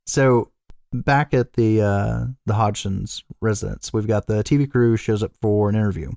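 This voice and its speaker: A man's voice: fairly low pitch, fairly even intonation, moderate pace, vocal fry, warm tone, no room sound, studio quality. A man co-hosting a podcast, casually retelling a film plot, swearing freely and rambling with fillers. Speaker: podcast co-host. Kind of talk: casual chat recapping a film.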